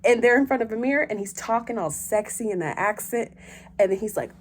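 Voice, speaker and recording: A young woman hosting a vlog in casual chat, animated and joking, with frequent swearing. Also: a little high, fairly quick. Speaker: host.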